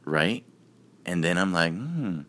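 Very deep-voiced man explaining calmly. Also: normal speed. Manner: talks through examples step by step. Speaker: podcast host. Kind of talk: casual explanatory chat.

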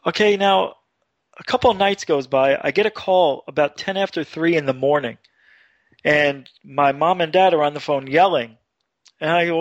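A man telling a long story on a radio talk show, getting more animated and higher as he goes. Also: moderate pace, no echo. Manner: animated storyteller, rising pitch when excited. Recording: dull lo-fi radio audio.

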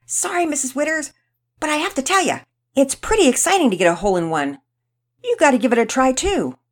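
A woman voicing a loud, excitable schoolboy who is a brash joker and shouts his lines. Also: high voice, brisk, pitched above the performer's own voice. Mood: cheeky.

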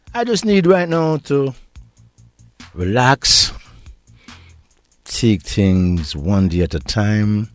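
Older Jamaican deejay, lively voice. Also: male voice, deep voice. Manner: laid-back, laughs often, drawn-out phrases. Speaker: interview guest, reggae deejay. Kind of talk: relaxed reminiscing conversation. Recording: interview with faint music behind.

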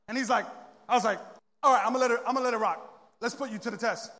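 A man's voice: extremely high pitch, racing. A young man preaching a sermon, telling a funny story and acting out the dialogue with lots of energy. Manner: animated, joking, acts out dialogue. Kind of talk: sermon storytelling to a live audience. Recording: long reverb of a large hall.

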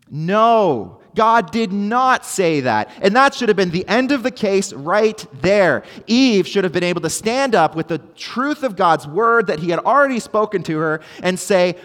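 A man's voice: high-pitched, a bit bright, long reverb tail. A man preaching a sermon as pastor, earnest and emphatic, repeating key phrases for weight.

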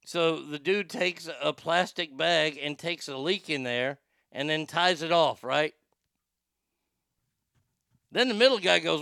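Animated high-voiced comic man ranting. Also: measured pace, pauses often, clear, resonant tone, no echo, clean studio sound. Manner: animated, swings between loud outbursts and muttered asides. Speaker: show host. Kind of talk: comedic podcast rant.

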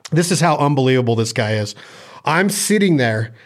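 A man telling a wild story in casual chat, animated and swearing casually. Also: medium pitch, normal speed.

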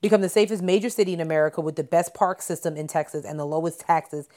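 A woman's voice: lowish voice, fast talker, a little mellow. A woman co-hosting a podcast, reading news stories aloud in casual chat with stumbles and asides. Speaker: podcast co-host.

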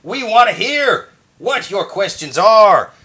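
A man's voice: high-pitched, sing-song, slow pace, sharp tone, slightly rough. Profane, ranting male podcast co-host. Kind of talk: casual comedic banter.

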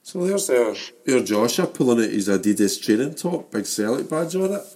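A Scottish man in his forties, chatting about football and family in an animated way, laughing often, his voice going a bit hoarse. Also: medium pitch, normal speed. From Scotland. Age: 40s. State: losing his voice. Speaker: podcast co-host. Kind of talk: casual football chat.

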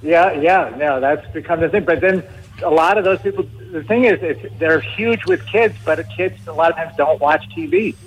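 A man's voice: on the high side, moderate pace, breathy edge, rough recording. Man, middle-aged, interview guest, chatty, laughs a lot, slightly raised voice. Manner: chatty, laughs often, frequent restarts. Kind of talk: casual interview.

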